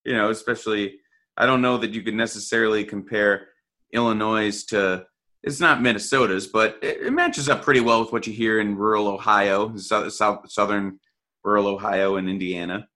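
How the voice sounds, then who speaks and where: A man's voice: on the low side, steady tone, moderate pace, sharp tone. A male podcast co-host talking sports in a blunt, profane, ranting way. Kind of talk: casual sports podcast chat.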